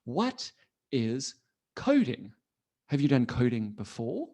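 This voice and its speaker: A man teaching an online coding class for children from his computer, playful and animated, constantly asking the kids questions. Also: medium pitch, takes it slowly. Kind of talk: live online children's lesson.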